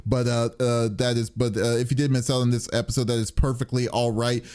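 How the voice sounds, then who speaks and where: A man's voice: mid-range voice, flat delivery, fairly quick, a little mellow, clean tone. A man co-hosting a casual gaming podcast who rambles, restarting sentences often with lots of filler. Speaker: podcast co-host.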